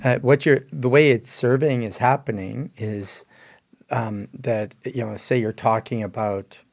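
Gravelly rambling man co-host. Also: medium pitch, steady tone, measured pace, a little mellow. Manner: rambling, explanatory, many fillers. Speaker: podcast co-host. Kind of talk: casual ministry discussion.

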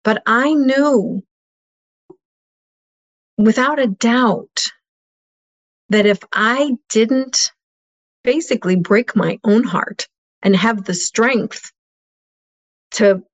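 A woman's voice: a little high, very slow, pauses often, muffled recording. A middle-aged woman telling a painful personal story as an interview guest, earnest and heartfelt.

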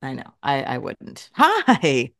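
A woman in her thirties co-hosting a podcast, chatting casually and telling stories in a lively, animated way. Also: a bass voice, slow pace, gravelly, no room sound, clean studio sound. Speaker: podcast co-host. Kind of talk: casual chat.

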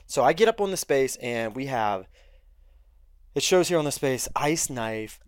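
A man's voice: mid-range voice, lively intonation, a little slow, clean tone, dry recording, studio quality. A man, a podcast guest, heatedly retelling a story in casual, profane talk.

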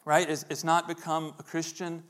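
Conversational preacher, fairly high voice. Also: male voice, level tone, moderate pace, fairly bright tone. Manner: conversational, acts out voices in quotes. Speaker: pastor. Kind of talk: sermon.

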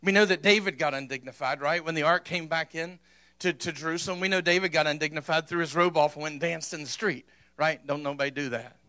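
A male pastor delivering a sermon. His voice sits high and bright, and he drives each point home emphatically, tossing questions to the congregation. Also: quick pace. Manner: emphatic, punctuates points with "amen?".

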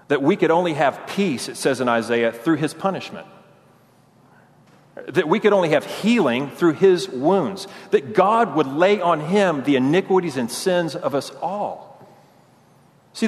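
A man preaching a sermon with lively rhetorical questions, acting out quoted speech. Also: mid-range voice. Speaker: pastor. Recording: long reverb in a large room.

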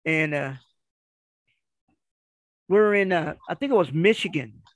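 A middle-aged man, a retired performer, telling stories in a casual, animated way and acting out other people's voices. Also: a little high, slow pace, no echo.

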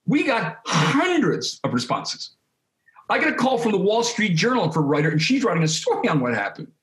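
A man guesting on an interview, talking in an animated, casual way with quick restarts and repeated words. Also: high-pitched. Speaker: interview guest, creative studio head. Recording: roomy echo.

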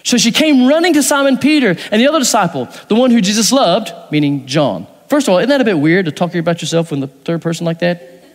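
A man's voice: high voice, lively intonation, fast talker, in a large hall. A man preaching a sermon as pastor, reading scripture aloud and acting out the dialogue in changing voices. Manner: acts out dialogue with shifting voices.

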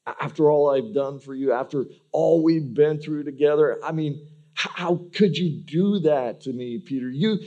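A man's voice: a little high, darkish tone, lo-fi sound, pitched above the performer's own voice, lightly acted. A man acting out an imagined Jesus reproaching a friend who betrayed him, in a pleading, hurt way, in a sermon.

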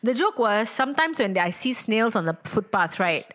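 A tipsy woman, chatting crudely and excitably on a video call. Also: on the high side. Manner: rapid, crude, excitable storytelling. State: tipsy from wine. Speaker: comedian, guest. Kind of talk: casual chat.

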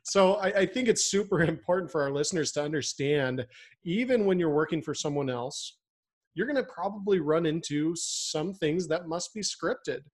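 A fairly high-voiced man co-hosting a business podcast. He talks in a loose, conversational way and breaks into lively mimicry of customers. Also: normal speed, slightly rough. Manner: animated, acts out customer voices. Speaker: podcast co-host. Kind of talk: casual chat.

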